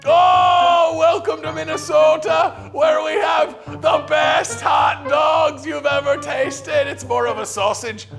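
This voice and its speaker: A young man with a strikingly high, gravelly voice shouts comic hot dog sales pitches in put-on accents, drawing his words out slowly. He delivers it like a loud street vendor. Music plays behind him. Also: flat delivery, a faint crowd. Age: young adult. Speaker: student contestant.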